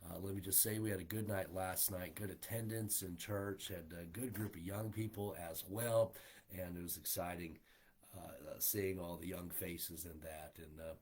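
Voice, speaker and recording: A man teaches a Bible study over a livestream, speaking as a down-to-earth pastor. His voice sits low and has a husky edge. He hesitates often with fillers and retells scripture in casual, plain language. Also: normal speed. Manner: folksy, many "uh" fillers, paraphrases scripture in plain speech. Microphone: livestream setup.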